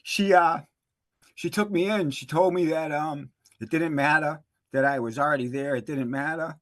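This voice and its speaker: Halting man telling his recovery story. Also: a little high, fairly bright tone, no room sound. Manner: halting, many fillers and restarts. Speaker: interview guest, recovery specialist. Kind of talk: emotional personal testimony.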